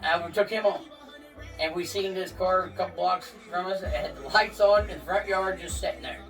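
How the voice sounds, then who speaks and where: A man's voice: high voice, brisk, creaky, fairly bright tone. A man telling rowdy stories in casual talk, swearing freely and laughing through them. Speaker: interviewee. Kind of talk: casual storytelling. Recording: distant mic with faint music.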